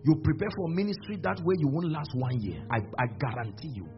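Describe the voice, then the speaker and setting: A man's voice: a little high, a little fast. A man preaching a sermon at a church service, acting out dialogues as he goes. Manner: animated, acts out dialogues. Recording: dull lo-fi recording with music behind.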